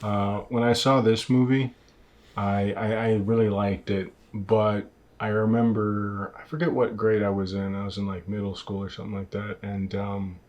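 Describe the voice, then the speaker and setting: A man's voice: on the low side, little pitch movement, moderate pace, darkish tone. A man co-hosting a casual film podcast over a video call, laid-back and rambling, with many fillers. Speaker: podcast co-host.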